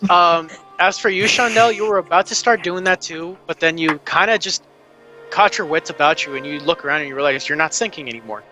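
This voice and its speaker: Bright-voiced young man running a game. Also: fairly high pitch, faint music behind. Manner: halting, filler-heavy narration. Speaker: game master. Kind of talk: narrating a tabletop game online.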